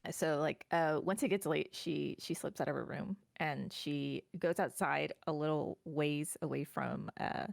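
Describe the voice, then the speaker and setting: A woman's voice: low voice, steady tone, unhurried, gravelly, few pauses, no echo. A woman playing a tabletop game, casually narrating her character's actions with lots of fillers and the odd swear word.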